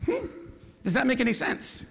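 High, bright-voiced fervent male preacher. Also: huge pitch swings, moderate pace, vocal fry, slight background noise. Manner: fervent preaching, rising into shouts, call-and-response with the congregation. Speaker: pastor. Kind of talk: sermon. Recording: long echoing hall reverb.

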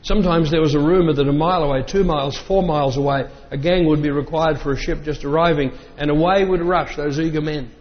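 Male reader, measured delivery with casual asides; fairly high voice, long hall reverb. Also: steady tone. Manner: measured reading voice, breaks off for plain remarks. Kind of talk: reading a memoir aloud with spoken asides. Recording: dull lo-fi sound with long reverb.

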